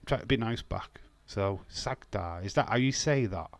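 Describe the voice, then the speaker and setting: A man casually chatting with viewers as he hosts a wrestling watch-along, self-mocking and quick to laugh. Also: fairly low pitch, no room sound. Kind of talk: casual live-stream chat with viewers.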